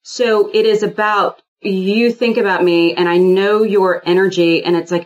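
A woman guest in a casual spiritual chat, rambling and animated, often acting out quoted dialogue. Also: mid-range voice, a little slow, hardly any pauses, dull audio.

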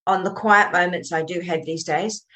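A woman's voice: lowish voice, fairly even intonation, normal speed, pushed and bright. Older woman, interview host, supportive and chatty. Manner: encouraging, frequent affirming backchannels. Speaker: show host. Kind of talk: interview chat.

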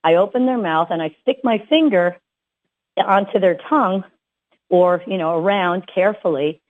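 A woman's voice: lowish voice, normal speed. Chatty woman dog trainer on a tinny line. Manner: chatty, with many fillers and restarts. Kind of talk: casual advice talk. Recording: tinny phone-like sound.

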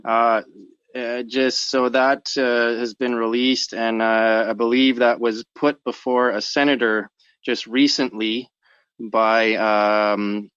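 A man's voice: mid-range voice, level tone, takes it slowly, fairly bright tone, smooth, no echo. A man hosting an online talk show, reading figures and speaking hesitantly with many fillers. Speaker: show host. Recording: dry dull lo-fi audio.

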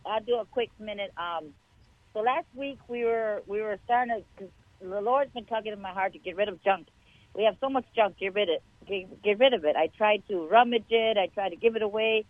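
Woman, chatty testimony, animated storyteller, tinny phone line, dry sound. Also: mid-range voice, brisk, no echo. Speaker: guest caller sharing a testimony. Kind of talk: casual testimony.

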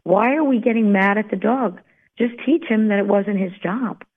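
A woman's voice: medium pitch, normal speed, slightly rough. Chatty woman host on a tinny line. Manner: lively, conversational, lightly joking. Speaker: radio show host and dog trainer. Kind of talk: radio talk show monologue. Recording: tinny phone-like radio line.

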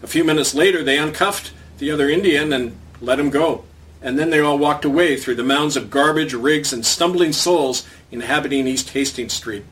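A man's voice: fairly high pitch, moderate pace, fairly bright tone, recorded from a distance. A man hosting his own program, reading a commentary column aloud in a sardonic storytelling manner. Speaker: commentator and host.

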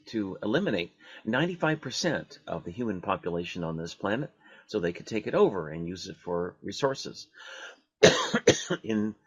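A man hosting a radio talk show, talking in a halting way with many fillers and restarts. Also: fairly low pitch, husky, dry recording.

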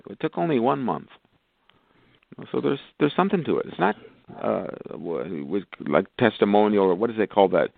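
A man, a doctor, speaking as a guest in a radio interview, rambling through long lists with sudden jumps in pitch. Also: sing-song, normal speed, gravelly, dry recording. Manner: rambling, lists conditions, bursts of higher pitch. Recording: phone-like narrow band, dry.

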